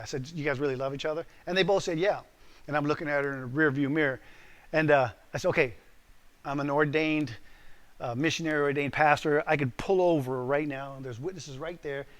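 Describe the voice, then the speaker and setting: A man's voice: on the high side, a bit bright. A man preaching to a live group as pastor, telling a story with lots of animation, quizzing his listeners and punching out the key lines.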